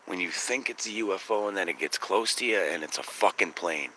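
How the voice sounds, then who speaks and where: Low-voiced profane man skywatching outdoors. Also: a little fast, a little hiss or hum. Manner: profane, excitable, talks to chat viewers. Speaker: skywatch livestream host. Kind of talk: live outdoor stream chat. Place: outdoors at night. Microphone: phone.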